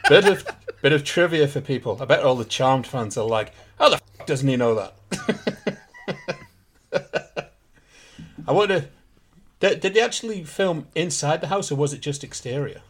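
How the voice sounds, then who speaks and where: A man's voice: a little high, expressive, normal speed, long pauses, a little hiss or hum. A man hosting a podcast, asking curious, chatty interview questions. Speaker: podcast host.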